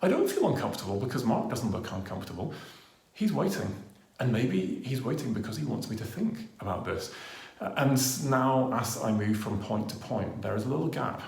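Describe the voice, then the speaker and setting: A man's voice: medium pitch, big pitch swings, moderate pace, creaky, a little mellow. A man presenting a training talk to camera on a lapel mic, earnest, with frequent ers and ums, varying his pace and volume to demonstrate. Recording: roomy echo.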